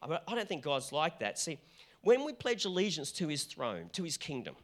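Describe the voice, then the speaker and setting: Animated Australian male pastor preaching. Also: a little high, moderate pace. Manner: passionate and animated, with repeated restarts. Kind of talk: sermon.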